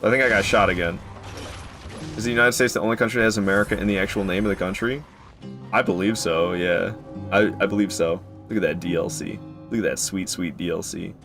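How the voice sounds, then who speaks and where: A man's voice: deep voice, fairly bright tone. A man giving casual, joking commentary while streaming a video game, chatting with viewers and running himself down when he fails. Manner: chatty, joking, self-deprecating. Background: game music.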